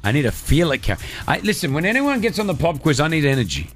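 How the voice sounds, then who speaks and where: A man hosts a breakfast radio show from the studio, with quickfire, teasing banter among his co-hosts. His voice sits a little high. Faint music plays beneath him. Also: big pitch swings. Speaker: radio host.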